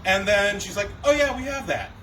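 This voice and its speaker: A man's voice: high voice, lively intonation, normal speed. A young man performing a stand-up set, telling conversational, self-deprecating stories. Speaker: stand-up comedian. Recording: distant mic with loud background noise.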